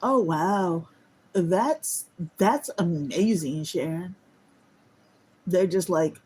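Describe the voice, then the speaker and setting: Slow, drowsy woman chatting. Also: fairly low pitch, mellow, a little hiss or hum. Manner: chatty, yawning, addresses viewers as y'all. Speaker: livestream host. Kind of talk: casual livestream chat. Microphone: phone on a holder.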